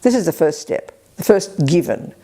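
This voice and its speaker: An energetic woman teaches a Buddhist retreat group, blunt and sharp, tossing in quick colloquial asides. Her voice sits a little low and has a dark, mellow tone. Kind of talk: dharma teaching to a live group. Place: retreat center hall.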